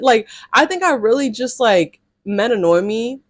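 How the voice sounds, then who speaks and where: A woman's voice: on the high side, a little slow, dry recording. Sassy young woman telling a dating story. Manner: sassy, blunt, slangy and expressive. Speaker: storytime vlogger. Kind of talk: casual storytelling to camera.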